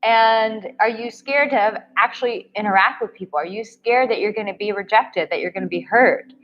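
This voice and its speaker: A woman's voice: medium pitch, normal speed, highs cut off. A woman dating coach answering viewer questions on a live stream, upbeat and encouraging as she talks straight to her viewers. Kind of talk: live-stream Q&A reading chat comments.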